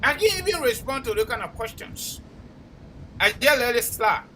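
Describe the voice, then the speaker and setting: A man with a Liberian accent hosting a call-in talk show, speaking forcefully and combatively, often repeating words as he presses his point. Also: very high-pitched, animated, moderate pace, a little hiss or hum, low-quality recording.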